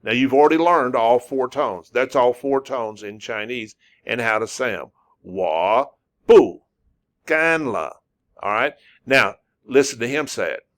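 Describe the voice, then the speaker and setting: Speaking at a mid pitch, an English-native language teacher eases through a lesson by repeating single syllables and drawing them out slowly. Fillers like "uh" crop up often as he looks for the right words.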